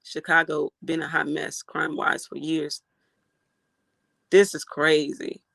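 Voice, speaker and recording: An outraged livestream host reacts to a case and reads chat aloud, cursing freely. The voice is gravelly with a sharp, bright edge. It is recorded dry and close. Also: medium pitch, takes it slowly, dry recording. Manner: animated, outraged, swears freely.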